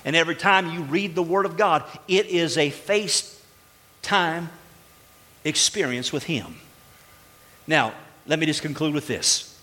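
Animated preacher man in a reverberant hall. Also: a little high, a little slow, long pauses. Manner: animated, exclaiming and acting out little dialogues. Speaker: pastor. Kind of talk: sermon. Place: church sanctuary.

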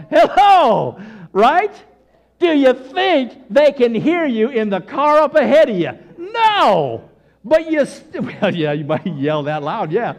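A man preaching a sermon to his congregation, full of rhetorical questions and sudden shouted bursts. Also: sits high. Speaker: pastor.

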